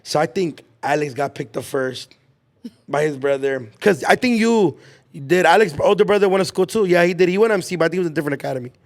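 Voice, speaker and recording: Gravelly young man telling wild stories. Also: fairly high pitch, fast talker. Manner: animated storyteller acting out quotes, heavy slang and swearing. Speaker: podcast host. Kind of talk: casual storytelling chat.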